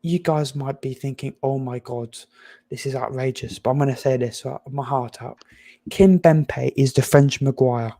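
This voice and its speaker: A young man from England giving opinionated, animated takes in a casual football chat, often stumbling and restarting. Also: medium pitch, normal speed. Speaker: panelist.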